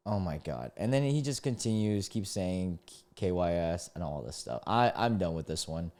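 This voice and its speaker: A man reading out text messages in a low mutter and reacting with mocking, exasperated commentary. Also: normal speed. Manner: mocking, exasperated, reads texts in a flat mutter. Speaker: streamer reading posts.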